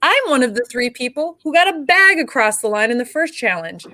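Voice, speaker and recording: Lively woman co-hosting a chatty podcast. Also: sits high, brisk, no room sound. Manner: animated, acts out quotes from the show. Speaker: podcast co-host. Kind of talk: casual podcast chat.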